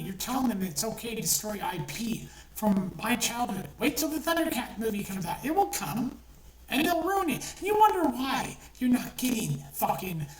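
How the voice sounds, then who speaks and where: A middle-aged woman delivering an angry, profane rant as an online commentator, heated and repetitive. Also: mid-range voice. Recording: echoey room, distant from mic, faint noise.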